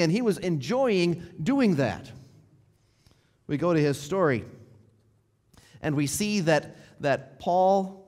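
A man preaching in a church sanctuary, with a voice that sits a little high for a man. He tells the story like a conversation, often sinking to a soft near-hush at the end of a phrase. A long reverb trails behind every word. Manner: drops to a near hush at ends of phrases, then rises. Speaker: pastor. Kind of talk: sermon.

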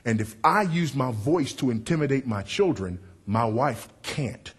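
Husky-voiced preacher man with a big voice. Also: expressive, a little slow. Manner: emphatic, swinging from loud to low for effect; confessional and wry, working the crowd. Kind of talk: sermon.

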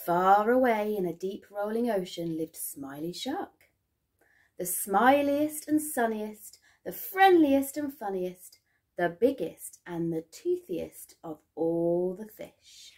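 A woman teacher reading a picture book aloud to young children in a sing-song, expressive storytelling manner. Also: mid-range voice, slow pace.

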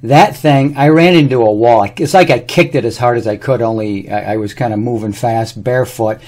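A man's voice: medium pitch, moderate pace, a little mellow. A man talking casually to camera, rambling through anecdotes while demonstrating a product on his own body. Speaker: presenter demonstrating a health product.

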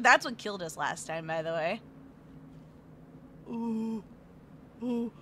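A woman's voice: high voice, very animated, moderate pace, pauses often, pushed and bright, slight background noise. A woman streaming a game live, chatting playfully with her viewers, fake-whining and squealing at what happens on screen. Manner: playful, chatty, reads chat aloud.

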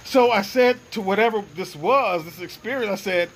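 In this low-quality recording with slight background noise, a man with a high-pitched, somewhat bright voice talks at a normal speed. He's a guest recounting his own experience earnestly and reflectively, hunting for words as he goes.

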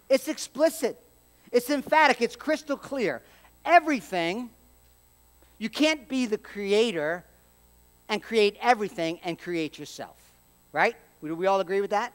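High-voiced man preaching with big swings. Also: big pitch swings, moderate pace. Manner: dynamic preaching with wide swings between loud emphasis and quiet; humorous asides. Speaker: pastor. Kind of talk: sermon.

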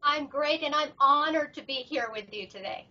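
A middle-aged woman with a high, bright voice talks in an upbeat, chatty way as an interview guest. Her sound is muffled and comes from some distance off the mic, like an online call. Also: moderate pace. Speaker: professional tarot reader guest. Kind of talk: casual interview chat. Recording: muffled audio from far off the mic.

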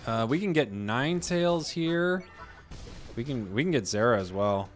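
A man hosting a gaming video, chatting casually about his matches and bursting into loud excitement at big plays. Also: medium pitch, moderate pace, faint music behind. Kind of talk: casual gameplay commentary.

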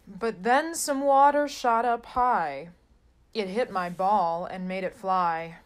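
Woman reading a children's picture book aloud, sing-song rhymes, slow pace, mid pitch. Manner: sing-song rhyming delivery. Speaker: storybook reader.

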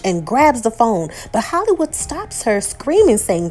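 A woman vlogger recapping a TV episode in a lively way, acting out the quotes. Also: fairly high pitch, moderate pace, hardly any pauses, faint music behind.

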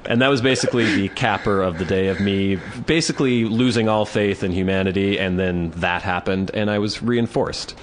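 A man's voice: lowish voice, moderate pace, few pauses, a little hiss or hum. A man co-hosting a podcast, telling a story in casual chat, acting out quotes and swearing freely. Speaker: podcast co-host.

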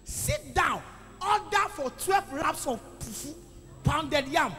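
A man preaching a sermon to a congregation, calling for responses and swinging between loud exclamations and quiet asides. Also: very high-pitched, lively intonation, slow. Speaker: pastor. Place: church hall. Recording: echoey church hall with music.

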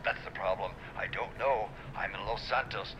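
A man's voice: lowish voice, normal speed, close to an everyday voice. An actor playing a rambling, laid-back hippie man in a game cutscene, with a dreamy drawl. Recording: game audio with loud background noise.

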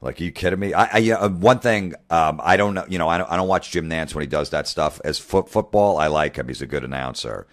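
A man's voice: deep voice, a little fast, few pauses. A man hosting a podcast in casual, blunt talk, swearing often and getting fired up, with lots of fillers. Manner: blunt and heavily profane, with many fillers; excitable, gets fired up. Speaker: podcast host.

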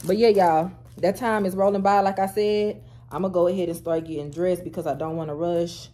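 A woman vlogger chatting to camera at home, animated and talkative, calling her viewers y'all, girl and baby. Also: on the low side, brisk. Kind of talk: casual get-ready-with-me chat to camera.

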